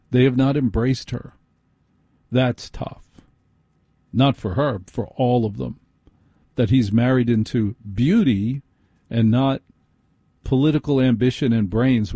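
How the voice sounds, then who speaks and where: A man's voice: medium pitch, dark tone, no echo, studio quality. Wry rambling male radio host. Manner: rambling, wry, stumbles over names. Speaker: radio talk show host. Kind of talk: casual monologue.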